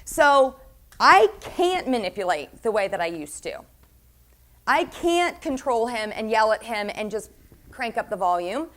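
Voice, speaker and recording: A woman's voice: on the high side, animated, unhurried, fairly bright tone. A middle-aged woman pastor preaching a sermon in a church, candid and confessional, often asking the congregation questions. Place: church sanctuary.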